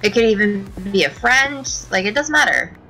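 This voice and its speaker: A woman's voice: medium pitch, expressive, sharp tone, faint music behind, low-quality recording. A young woman hosting a game livestream, chatting and teasing her friend in a casual way. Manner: teasing, chatty, quick to tease and laugh. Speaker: streamer and host.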